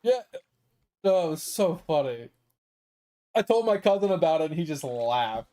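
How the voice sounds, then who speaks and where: A man's voice: a little high, sing-song, normal speed, dark tone, soft background music. A man streaming games, telling a long rambling story from his childhood with lots of swearing and laughter. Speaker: gaming streamer. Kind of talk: casual storytelling on a game stream.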